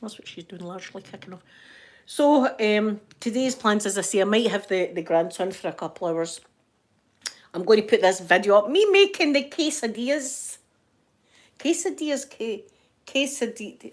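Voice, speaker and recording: Older Scottish woman, talkative vlogger, laughs easily, rambles through stories. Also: mid-range voice. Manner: chatty, laughs often, rambling anecdotes. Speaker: vlogger reading live chat. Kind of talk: casual chat.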